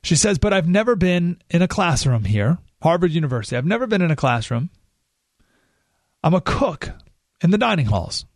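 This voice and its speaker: Male radio host, fairly high voice, dry close sound, animated and sarcastic. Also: moderate pace, no room sound. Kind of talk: political talk radio monologue.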